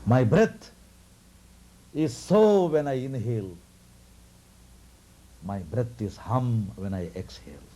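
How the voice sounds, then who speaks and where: A calm, majestic divine child-god spoken by a man telling a devotional tale. The voice drops low and hushed, solemn and unhurried. Its tone is dark and mellow, with lively rises between the quiet passages. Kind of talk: devotional storytelling.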